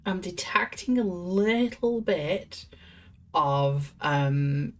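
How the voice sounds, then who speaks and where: A woman's voice: on the low side, expressive. Woman streamer chatting through a game. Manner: chatty, quick, amused. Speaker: streamer playing a therapy game. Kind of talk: live gameplay commentary.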